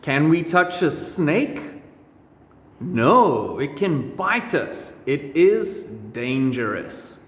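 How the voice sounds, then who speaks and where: A man teaching English words to children, slowly repeating each one with exaggerated pronunciation in a classroom. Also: fairly high pitch, very animated. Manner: drawn-out, exaggerated word drills. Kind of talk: slow repeat-after-me pronunciation lesson for children. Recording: echoey room with long reverb.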